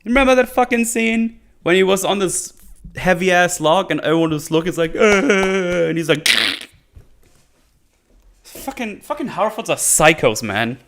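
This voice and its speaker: A man casually recapping a TV episode, sarcastic and swearing a lot, acting out characters in quick silly voices. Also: high voice, expressive, fairly bright tone. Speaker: show host. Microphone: desk microphone on an arm.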